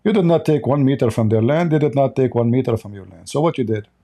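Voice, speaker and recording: Guy ranting on his stream, dark gravelly voice, blunt, keeps restarting lines. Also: medium pitch, animated, fast talker. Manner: blunt, opinionated, with frequent restarts. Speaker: commentary channel host. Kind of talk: livestream political commentary.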